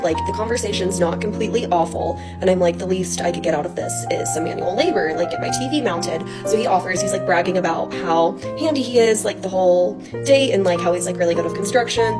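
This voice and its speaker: A woman telling a dating story in a casual, chatty way, full of "like" fillers. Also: fairly low pitch. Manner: rapid, filler-heavy, chatty. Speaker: storyteller in a social media clip. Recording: clip with loud music underneath. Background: loud music.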